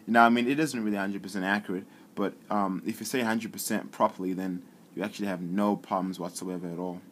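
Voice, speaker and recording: A man giving a relaxed, chatty demo of phone apps, often repeating himself. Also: sits low, fast talker. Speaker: app reviewer. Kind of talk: casual tech vlog demo.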